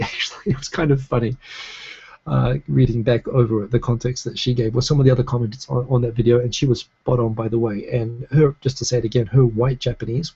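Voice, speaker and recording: Gravelly New Zealand man hosting a live stream. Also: medium pitch, warm tone, muffled recording. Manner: rambling, frequent restarts and fillers. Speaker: live stream talk show host. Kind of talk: casual live stream chat, reading comments. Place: home in Tokyo.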